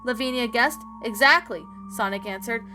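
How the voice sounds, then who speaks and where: A woman narrating a story in a plain, steady reading voice with small slips. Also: mid-range voice, a little fast. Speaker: story reader. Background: background music.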